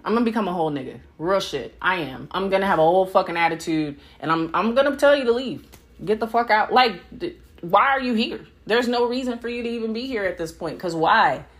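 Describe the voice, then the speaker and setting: A young adult woman hosting a solo podcast, talking bluntly and profanely in an animated, laughing monologue. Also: mid-range voice, fairly quick. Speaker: podcast host.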